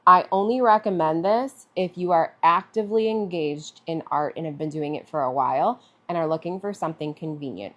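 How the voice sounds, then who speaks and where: Chatty, lower-voiced woman artist. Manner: chatty, thinking aloud with fillers. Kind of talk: live-streamed painting demo.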